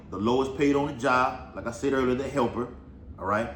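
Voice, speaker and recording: Brisk and fairly bright, a man of medium pitch rambles casually through Bible prophecy commentary. He curses plenty and repeats "all right" again and again; the recording has echo and faint background noise.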